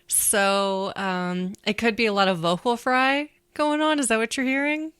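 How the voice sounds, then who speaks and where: A chatty woman co-hosts a casual podcast, her voice slightly raspy. The tone is bright and crisp, recorded dry and close. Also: fairly high pitch, steady tone, moderate pace, no echo. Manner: laughs often, chatty. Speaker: podcast co-host. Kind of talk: casual chat.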